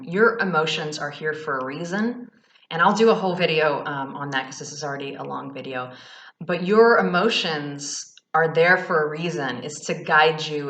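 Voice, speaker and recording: A woman with a low, bright voice gives casual spiritual advice in a frank, earnest way, swearing now and then. Her voice carries a roomy echo. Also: dull audio. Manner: frank and earnest, with loose fillers and cursing. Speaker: Reiki practitioner and vlog host.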